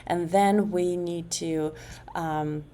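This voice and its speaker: A woman's voice: on the low side, steady tone, very slow, warm tone, a little hiss or hum. A woman presenting a class demonstration of voice exercises, hesitant, with many fillers and restarts.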